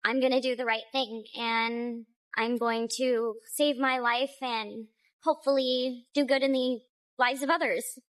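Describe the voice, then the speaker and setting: Calm hopeful woman, high voice, dry close sound, street interview. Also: measured pace, dry recording, rough recording. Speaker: interviewee living under a bridge.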